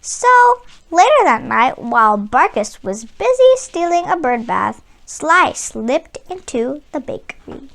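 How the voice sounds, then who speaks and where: A woman reading a children's picture book aloud to kids with expressive storytelling. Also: high-pitched, measured pace, creaky.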